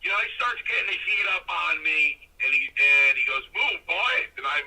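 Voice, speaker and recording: An older man, a former pro wrestler, telling stories in a casual interview, animated and acting out the people in them. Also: on the high side, fairly quick, gravelly, a little hiss or hum, poor audio. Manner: animated storyteller who acts out voices.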